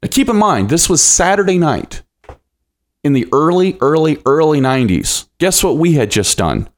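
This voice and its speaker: Animated man telling a story. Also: a little high, moderate pace. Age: 30s. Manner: animated, acts out the voices of people in his stories. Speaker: podcast host. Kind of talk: personal storytelling monologue.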